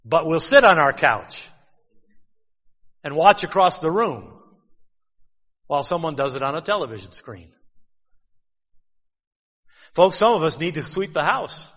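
A man's voice: a little high, big pitch swings, measured pace, long pauses, fairly bright tone, big-room sound, lo-fi sound. A man preaching a sermon, talking conversationally and asking rhetorical questions.

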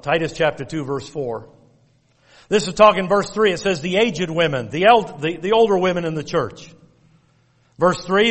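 A man's voice: on the high side, unhurried. A middle-aged man preaching a sermon, telling folksy stories and repeating commands with emphasis. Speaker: pastor. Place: church sanctuary. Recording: long reverb of a church hall.

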